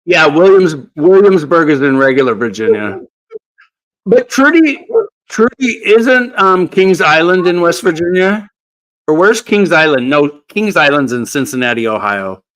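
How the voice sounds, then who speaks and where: A man hosts a casual live-stream Q&A about crafting. His voice sits a little higher than most men's, and he talks animatedly, laughing as he winds through stories. It sounds like a home webcam setup. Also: expressive, measured pace, a bit bright, rough recording.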